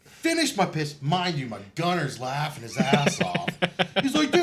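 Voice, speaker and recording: A man's voice: on the high side, wildly swooping pitch, normal speed, crowd noise. Profane laughing man telling war stories. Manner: profane, laughing, acts out quotes loudly. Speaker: podcast guest. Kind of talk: casual storytelling.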